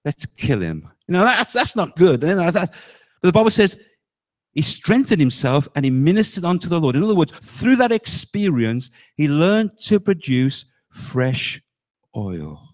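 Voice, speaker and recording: In a sing-song, slightly mellow voice at a moderate pace, a male pastor preaches emphatically. Key words often drop low, and he poses rhetorical questions to the congregation.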